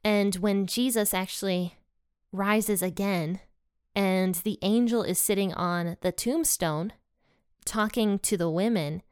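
A woman's voice: mid-range voice, slow, clean tone, no room sound, studio quality. A woman from Ohio giving a casual Bible study talk, retelling the story in a chatty, storytelling way full of "like" and "um". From Ohio, USA. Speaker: Bible teacher.

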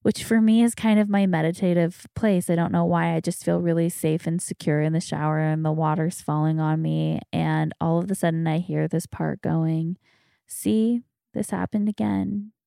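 A woman's voice: low voice, little pitch movement, normal speed, gravelly, hardly any pauses, mellow, smooth, dry recording, studio quality. A woman in her thirties hosting a podcast, telling her own story in a candid, reflective casual chat. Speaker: podcast host.

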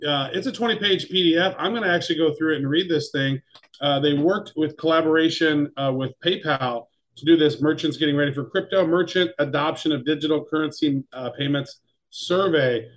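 An emphatic, excitable man co-hosts a casual news chat. His voice sits somewhat high for a man. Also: brisk, poor audio. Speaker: podcast co-host.

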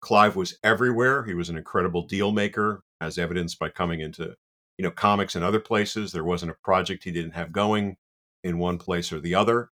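A man with a deep, low voice tells a story in a casual, animated way. He pokes fun at himself and fills his sentences with "you know." He comes across as a chatty guest. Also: fairly quick. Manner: animated, self-deprecating, many "you know" asides.

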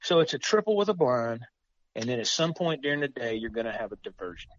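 A man calmly walks through the rules of retriever hunt tests and chimes in with agreement. His voice sits mid-range, and the recording sounds dull and dry. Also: mid-range voice, fast, no echo. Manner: explains rules plainly, agrees often. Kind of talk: casual chat.

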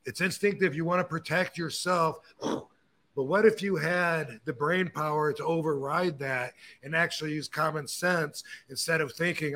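A man hosting a podcast, telling stories and opinions in a casual, animated way, with frequent swearing. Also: a little high, normal speed. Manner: animated, profane storyteller. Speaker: podcast host. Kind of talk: casual chat.

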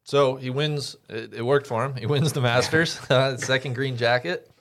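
A man's voice: mid-range voice, fairly even intonation, normal speed, fairly bright tone. A man co-hosting a casual podcast, walking his friends through notes with frequent hesitant fillers. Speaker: podcast co-host presenting research.

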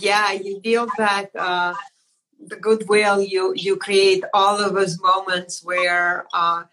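A woman at a middle pitch hosts a conversation, warmly affirming what her guest has said. She thinks aloud as she talks, restarting her sentences and circling back to a point. Her delivery is loose and conversational. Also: level tone, slow pace, slight background noise, low-quality recording. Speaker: host. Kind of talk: interview conversation.

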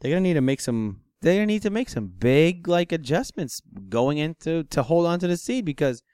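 A man's voice: a little high, sing-song, fairly quick, a little mellow, clean tone, no echo, studio quality. A man co-hosting a casual sports podcast, loose and joking, leading the questions. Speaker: podcast co-host.

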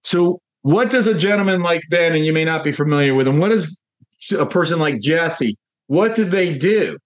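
A man's voice: fairly high pitch, animated, normal speed, no room sound. A man coaching real estate agents in a casual motivational talk, telling stories with lots of fillers and repeated phrases. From Northern Virginia, USA.

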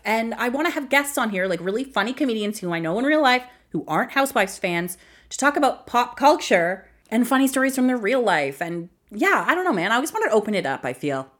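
A young woman hosts her own podcast in a loose, chatty way, her pitch swinging widely as she talks. She laughs often, leans on fillers, and gets openly emotional. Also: very animated, brisk, fairly bright tone. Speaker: podcast host. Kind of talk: casual solo podcast chat.

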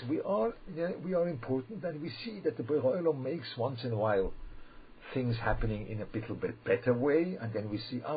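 A man teaching a Torah lesson as a rabbi, emphatic and repetitive, with sudden loud bursts when he quotes the verses. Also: fairly low pitch. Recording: dull lo-fi recording with faint background noise.

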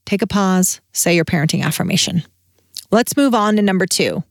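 A woman's voice: lowish voice, expressive, moderate pace, creaky, no echo, clean studio sound. A woman in her thirties hosting a solo podcast, talking in a candid, encouraging, conversational way. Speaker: podcast host.

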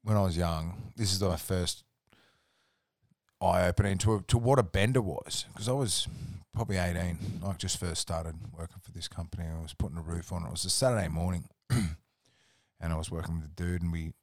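Low-voiced, sweary Australian guy. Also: moderate pace, darkish tone, dry recording, clean studio sound. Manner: laid-back, sweary, rambling anecdotes. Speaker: podcast guest. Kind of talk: casual storytelling chat.

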